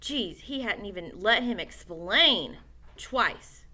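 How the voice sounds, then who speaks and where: Woman reading a children's book aloud, animated, bright, expressive, small self-corrections. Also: mid-range voice, slow. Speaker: audiobook reader.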